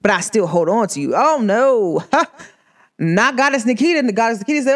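A woman's voice: on the high side, fairly quick. A young woman chatting casually and animatedly, telling a personal story with slang and acted-out voices. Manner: animated, expressive, slangy, acts out voices in her stories.

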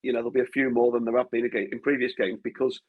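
Husky man, rambling football chat. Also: mid-range voice, flat delivery, very fast. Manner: rambling, many restarts. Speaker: podcast co-host. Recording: dull lo-fi sound.

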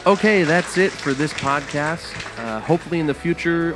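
A man's voice: on the high side, moderate pace, hardly any pauses. Man wrapping up a podcast over music. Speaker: podcast host. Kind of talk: casual podcast outro.

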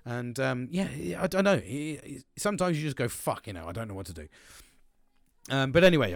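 A man's voice: mid-range voice, lively intonation, fast talker, dry recording, clean studio sound. A man talking alone on his podcast in a casual, rambling way, swearing often and restarting his sentences. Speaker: podcast host. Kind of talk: casual personal monologue.

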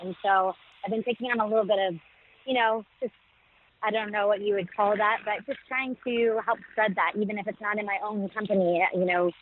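Enthusiastic woman on a tinny line. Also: on the low side. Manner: enthusiastic, storytelling, warm laughter. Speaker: podcast guest. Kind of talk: conversational interview.

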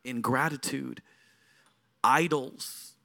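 A middle-aged man, a lead pastor, preaching a sermon in a storytelling way that moves from quiet moments to emphatic passages. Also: medium pitch, very slow, creaky.

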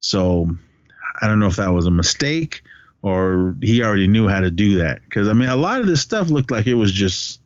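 A man co-hosting a podcast in casual movie chat, retelling scenes with lively put-on voices and frequent laughs. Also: lowish voice, moderate pace, no room sound, lo-fi sound. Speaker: podcast co-host.

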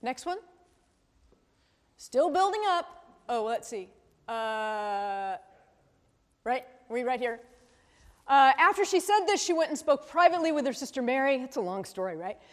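Very animated yet unhurried, a high-voiced woman leaves long pauses while guiding a Bible study. She reasons aloud, poses questions to the group, and leans on "right?" a lot, her words echoing with long reverb from a hall.

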